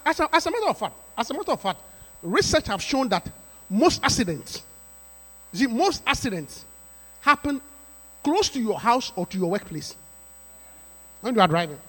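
A pastor delivers his sermon in a strikingly high, animated voice with a bright, forceful edge. He repeats his points with emphasis and breaks into sudden shouts. The sound rings with the long reverb of a church hall. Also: slightly rough. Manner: emphatic, repetitive preaching with rising shouts. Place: church sanctuary.

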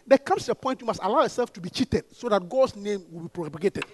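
A man preaching a sermon as pastor, repeating phrases, calling out to the congregation and rising to impassioned shouts. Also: high-pitched, animated, a little fast, slightly rough. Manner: repetitive, call-and-response preaching.

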